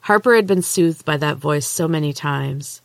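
Woman host reading a novel chapter aloud, steady measured pace, dry close mic. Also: sits low, creaky, dry recording. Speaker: podcast host and author. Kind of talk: storybook narration.

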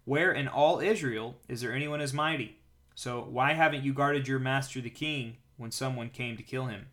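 A man's voice: mid-range voice, normal speed, a bit bright, lightly acted. A man reading the part of a bold young male warrior, earnest and declaiming in a slightly raised voice. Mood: taunting.

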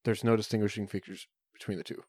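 A man's voice: lowish voice, level tone, fast talker, darkish tone, slightly rough, dry recording, clean studio sound. A man co-hosting a podcast, chatting casually, rambling with many fillers and restarts. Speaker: podcast co-host. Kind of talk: casual chat.

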